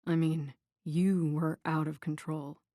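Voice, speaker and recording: A woman reading the part of a slender, evasive man in an audiobook, with a hushed, breathy voice. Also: level tone, slow pace, no room sound, studio quality, heavily acted. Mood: cagey. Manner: low-key, evasive.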